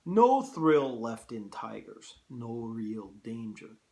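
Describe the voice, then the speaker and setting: Man reading as a Russian general, aristocratic, slow, low, menacing, lively inflection. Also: vocal fry, heavily acted. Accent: Russian, put on.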